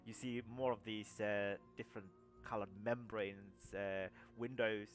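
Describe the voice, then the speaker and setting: A young man narrating a tabletop game as game master, halting with many fillers and restarts. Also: fairly low pitch, steady tone, soft background music.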